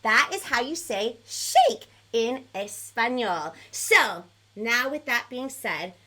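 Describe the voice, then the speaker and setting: Woman, kids' show host, lively, cheering, bright tone, fairly high voice. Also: slow pace. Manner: bubbly, animated, counts along and cheers the audience. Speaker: host of a live online kids' music show. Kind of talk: energetic hosting for children. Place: home in Los Angeles. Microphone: headphones on, live stream.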